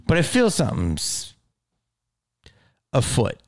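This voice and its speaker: A man hosting his own podcast, rambling in a casual, profane monologue that swings from mumbles to loud outbursts. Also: mid-range voice, wildly swooping pitch, takes it slowly, no echo, studio quality. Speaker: podcast host.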